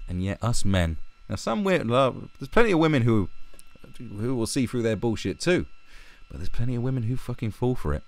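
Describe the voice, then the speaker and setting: A man's voice: mid-range voice, big pitch swings, moderate pace, no echo. A young man hosting a podcast, in a sneering, combative and sarcastic comedic rant full of swearing. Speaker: podcast host.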